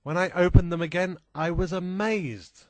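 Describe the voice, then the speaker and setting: A man reading a first-person adventure story aloud in a slow, deliberate, plain manner. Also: sits high, darkish tone, dry recording. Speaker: audiobook reader.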